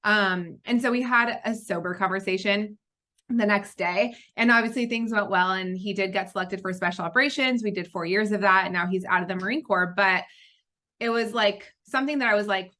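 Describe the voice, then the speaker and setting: A woman's voice: medium pitch, fairly quick. A woman in her thirties hosting a casual business chat, telling personal stories with frequent laughter. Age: 30s. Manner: lively storyteller, laughs often. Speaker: podcast host.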